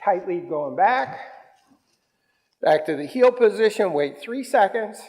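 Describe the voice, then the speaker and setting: A male dog trainer with a high, animated, darkish voice gives a hands-on lesson, speaking a little slowly with long pauses. He mixes short, firm commands with cooing praise for the dogs. The recording has long reverb in a roomy hall.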